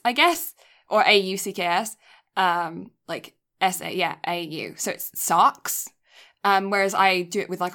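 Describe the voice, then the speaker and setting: A woman's voice: lowish voice, vocal fry, a bit bright. A young woman from England whose English accent is mixed with a North American one, chatting casually as a podcast co-host and teasing with frequent laughter. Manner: laughs often, playful teasing. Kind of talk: casual chat.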